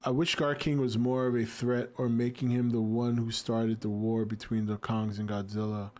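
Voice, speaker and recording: A man's voice: medium pitch, level tone, normal speed, darkish tone. A man in his forties hosting a casual livestream, reading and answering chat with a laid-back, jokey manner.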